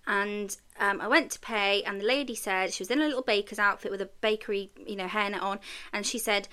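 A bright, crisp-voiced woman. She chats casually as a podcast co-host, telling stories with animated energy. She laughs easily. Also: medium pitch, fairly quick. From England. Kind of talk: casual chat.

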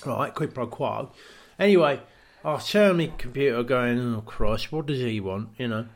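A man's voice: medium pitch, moderate pace, slight background noise. A man co-hosting a comedy podcast, telling a rambling improvised story full of "I says" and "right?".

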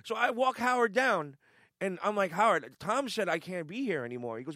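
A man telling animated stories in casual chat, acting out the people he quotes and swearing. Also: sits high, a little fast, dry recording, clean studio sound.

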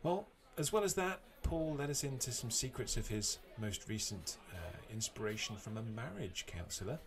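A man's voice: mid-range voice, animated, normal speed. A British man hosting a podcast from home, chatting easily with restarts and fillers. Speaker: podcast host. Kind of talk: casual chat and scripted episode intro. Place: home, remote call.

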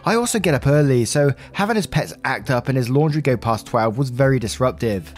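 A man talks through online stories in a casual, friendly reading voice. He sounds like a channel host chatting to regular viewers. Soft music plays faintly behind him. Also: mid-range voice, lively intonation, brisk.

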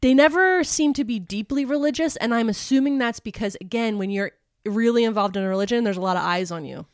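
A woman's voice: a little high, fast talker, no echo, studio quality. A woman co-hosting a podcast, telling a true-crime story in a chatty, casual way with many fillers and laughs. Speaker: podcast co-host.

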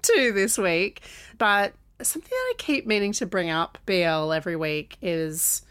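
A woman co-hosts a podcast, griping with wry, self-aware humor. Her pitch sits right in the middle, and the sound is dry and close to the mic. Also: animated, moderate pace, fairly bright tone, smooth, no echo. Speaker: podcast co-host. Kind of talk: casual chat.

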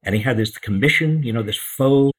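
A man's voice: mid-range voice, fairly quick, breathy edge, poor audio. A man in a casual political discussion, speaking emphatically and repeating words for stress.

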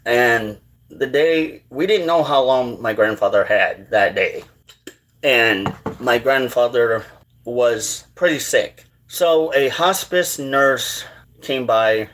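A man hosting his own show, telling a personal story in a halting, rambling, earnest way. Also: medium pitch, fairly bright tone. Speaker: show host.

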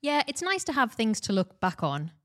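A woman's voice: fairly high pitch, big pitch swings, moderate pace. Woman, chatty podcast co-host. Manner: chatty, giggly. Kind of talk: casual podcast chat.

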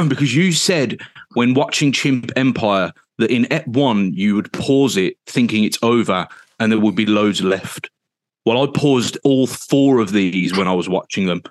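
A man's voice: fairly low pitch, unhurried, dry recording. A man in casual podcast chat, grumbling and ranting with plenty of swearing. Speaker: podcast co-host.

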